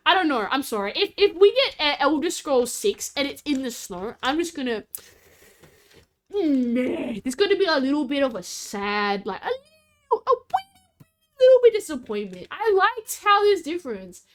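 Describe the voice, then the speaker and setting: A woman's voice: high-pitched, very animated, normal speed. A woman streamer, chatting casually and bubbly with her chat. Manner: bubbly, giggly, talks to chat.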